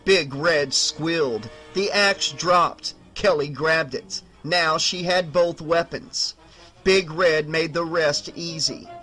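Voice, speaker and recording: A man narrating a horror novel as an audiobook in a measured, dramatic reading. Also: on the high side, pushed and bright, soft background music, low-quality recording.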